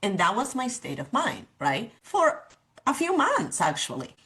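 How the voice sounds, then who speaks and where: A woman's voice: mid-range voice, wildly swooping pitch, measured pace, fairly bright tone. A middle-aged woman, a guest author and coach, candidly recounting a personal story in an interview, with frank asides.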